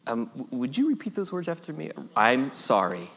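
A man preaching a sermon as pastor, earnest and reflective, sometimes dropping to a hushed near-whisper. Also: fairly high pitch, very animated, quick pace, gravelly, husky, long reverb tail.

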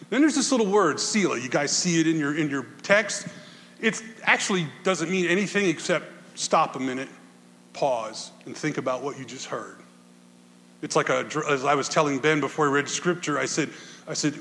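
A male pastor preaching a conversational sermon to his congregation, swinging from loud bursts to quiet asides. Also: moderate pace, big-room sound. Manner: conversational preaching, animated swings in pitch and volume.

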